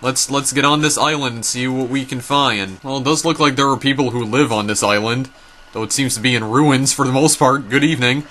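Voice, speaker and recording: This man's mid-range voice runs a little fast, with a sharp tone and a slight hiss or hum. As a gameplay narrator playing a story game, he reads the dialogue and text out loud, tosses in casual comments, and frequently trips over names.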